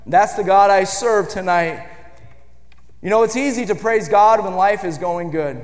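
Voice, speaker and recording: High-voiced man preaching in a reverberant church. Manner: builds from low, measured speech to shouted emphasis. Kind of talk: sermon. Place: church sanctuary. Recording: church hall with long reverb.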